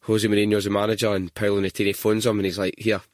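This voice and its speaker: Easygoing Scottish podcast host. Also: male voice, fairly low pitch, flat delivery, fast talker, no echo, clean studio sound. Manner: easygoing, swears casually, short reactions. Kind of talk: casual chat.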